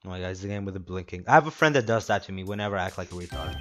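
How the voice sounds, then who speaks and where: A man's voice: sits low, expressive, racing, few pauses, a bit bright, faint music behind. A young man casually commenting on a game he plays, with wry jokes and swearing. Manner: wry, joking asides, swearing. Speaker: let's play commentator.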